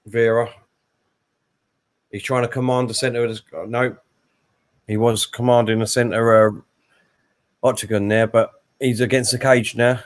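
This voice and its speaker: A man hosting a live watchalong, giving relaxed play-by-play with fillers and asides. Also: medium pitch, unhurried, pauses often. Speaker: host and fight commentator. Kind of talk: casual live watchalong commentary.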